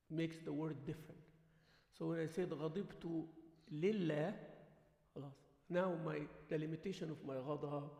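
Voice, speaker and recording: A man's voice: a little high, creaky, a little mellow. A man with an Arabic accent teaching a religious lesson in a mosque, mixing English and Arabic and often asking his listeners questions. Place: mosque hall. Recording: echoey hall livestream.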